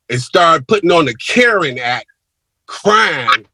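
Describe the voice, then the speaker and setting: A man's voice: fairly high pitch, big pitch swings, slow pace, bright, forceful tone, slightly rough, no room sound, rough recording. A crime victim, a man, giving a heated, emphatic victim impact statement to a court over a video call.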